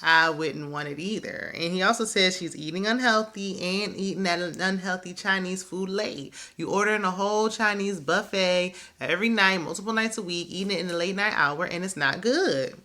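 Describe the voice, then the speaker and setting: A woman's voice: lowish voice, normal speed, few pauses, bright, forceful tone. A woman hosting a casual reality TV recap, chatty and opinionated, who laughs often.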